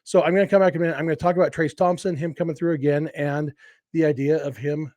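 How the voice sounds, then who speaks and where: A man's voice: a little high, fairly even intonation, fast talker, a little mellow, no echo. A man hosting a casual solo sports podcast, talking enthusiastically in a rambling way with restarts and asides. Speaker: podcast host.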